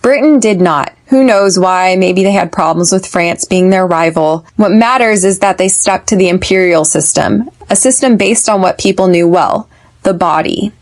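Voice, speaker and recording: Woman teaching English in a clear, measured way. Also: fairly low pitch. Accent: American. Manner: slow, clear drilling with listen-and-repeat phrases. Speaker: podcast host and English teacher. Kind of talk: podcast English lesson.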